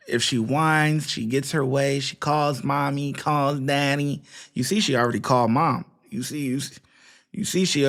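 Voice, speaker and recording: A man's voice: a little high, a bit bright. A man hosting a reaction commentary, opinionated and scolding, mocking the people he watches. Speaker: commentary host.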